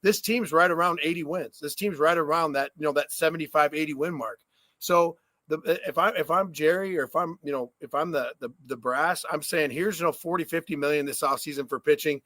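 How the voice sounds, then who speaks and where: A man co-hosting a sports podcast, a former ballplayer who tells animated stories with casual swearing. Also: fairly high pitch, brisk, no room sound. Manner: animated storytelling with swearing and laughs.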